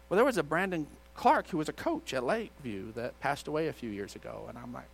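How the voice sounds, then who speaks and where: A middle-aged male pastor telling a story in a sermon, shifting between loud outbursts and hushed retelling. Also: a little high, big pitch swings, normal speed, vocal fry. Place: church auditorium.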